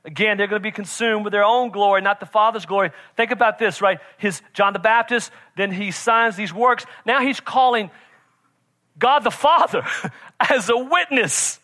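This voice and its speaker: A man preaching a sermon as pastor, emphatic, swinging from shouts to quiet intensity and often checking in with "right?". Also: sits high, normal speed. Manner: emphatic, repeats "right?" to the congregation.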